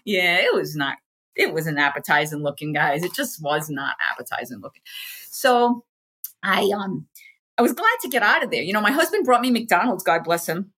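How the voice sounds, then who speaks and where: A woman's voice: on the low side, sing-song, normal speed, fairly bright tone, breathy edge. An American woman, an interview guest, chatting frankly and casually about a personal experience and acting out what people said to her. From United States.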